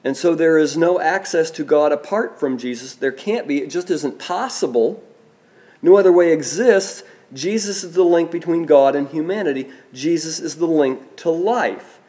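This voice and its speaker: A man preaching a sermon, slow and deliberate, letting his voice drop soft on key phrases. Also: on the high side. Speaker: pastor.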